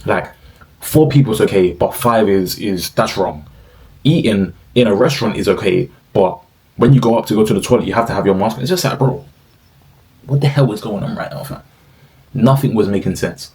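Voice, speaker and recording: A man's voice: on the low side, moderate pace, a little mellow, poor audio. Slangy young man ranting. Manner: slangy, profane, exclaiming. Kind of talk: casual ranting commentary.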